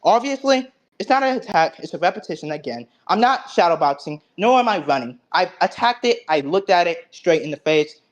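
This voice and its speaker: A man recapping an online debate, cocky and profane, lecturing in logic jargon with loud bursts and low mutters. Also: lively intonation, fairly quick, hardly any pauses, highs cut off.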